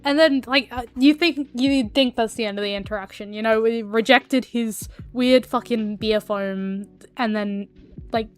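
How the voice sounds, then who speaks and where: A woman's voice: on the high side, unhurried, clean tone, soft background music. A woman streamer telling a story casually while she draws, rambling with lots of fillers and swearing.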